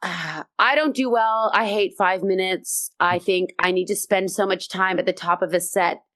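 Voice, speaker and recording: A Canadian woman comedian in a casual interview, telling stories with energy and quick restarts. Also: mid-range voice, steady tone, a bit bright, dry recording, studio quality. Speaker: comedian guest.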